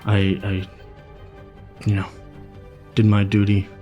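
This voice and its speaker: A man playing a tabletop game, telling his character's story slowly. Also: lowish voice, completely flat delivery, mellow, soft background music. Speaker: player.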